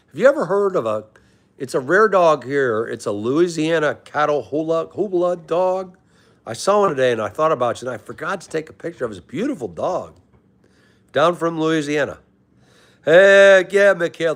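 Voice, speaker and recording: A man's voice: fairly high pitch, a bit bright. Casual man chatting on a livestream. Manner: friendly, greets chatters by name, calls them brother. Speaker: livestream host reading chat. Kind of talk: casual live-stream chat.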